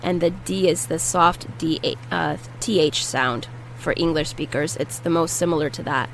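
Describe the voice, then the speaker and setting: A woman's voice: low voice, steady tone, normal speed, slight background noise, poor audio. A woman teaching a language lesson, patiently repeating each word and explaining how to pronounce it. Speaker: Spanish teacher. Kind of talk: vocabulary lesson with repetition drills.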